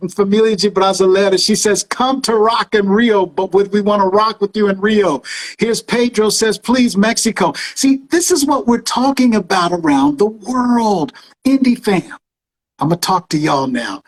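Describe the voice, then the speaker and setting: A man's voice: high-pitched, rough recording. A man in his fifties hosting an online show, praising his guest with effusive, preacher-like cadence and talking straight to his audience. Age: 50s. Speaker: show host. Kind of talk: enthusiastic interview chat.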